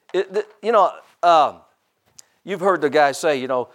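A man's voice: on the high side, animated, measured pace. A middle-aged man preaching a sermon, stretching out scripture quotes for emphasis and tossing casual asides to the congregation. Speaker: pastor.

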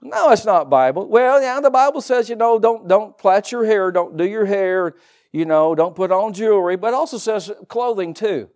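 A man's voice: sits high, expressive, normal speed, a little mellow. A middle-aged man preaching a sermon as pastor, folksy and joking asides to the congregation.

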